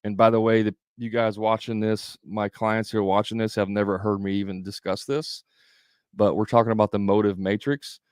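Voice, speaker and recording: Male sales coach, low voice, conversational live-training delivery with restarts. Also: level tone, a little fast, darkish tone, clean tone, no echo, clean studio sound. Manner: conversational, repetitive, with fillers and restarts.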